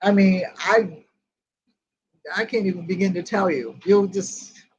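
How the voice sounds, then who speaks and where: A woman's voice: mid-range voice, a little slow, husky, lo-fi sound. Older woman retelling a loss, quoting everyone. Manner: rambling retelling that quotes each conversation. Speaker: host of a grief group. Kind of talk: personal storytelling in casual chat.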